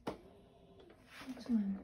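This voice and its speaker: A mother patiently coaching her young child through play at home, with encouraging, sing-song speech. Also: very slow. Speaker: mother and caregiver. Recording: noisy home recording.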